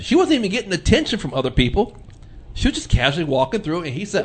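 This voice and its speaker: Man, radio host, casual storytelling, animated, slightly high voice. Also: fast talker. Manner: animated, acts out quoted people, laughs often.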